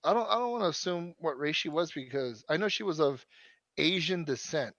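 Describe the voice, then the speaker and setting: A man's voice: fairly high pitch, lively intonation, brisk, fairly bright tone, dry recording, lo-fi sound. A young man rambling through a profane story in casual podcast chat. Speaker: podcast co-host.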